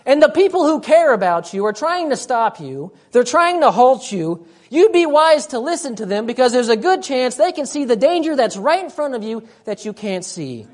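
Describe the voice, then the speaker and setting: A woman's voice: high-pitched, very animated, moderate pace, few pauses. A woman preacher delivering a sermon, emphatic, repeating her points and often urging "listen".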